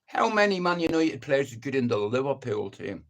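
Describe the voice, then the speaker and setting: Middle-aged guy ranting on a live stream, blunt and sweary, rambles on, mid-pitched voice. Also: big pitch swings, normal speed. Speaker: livestream host. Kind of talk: casual live-stream rant.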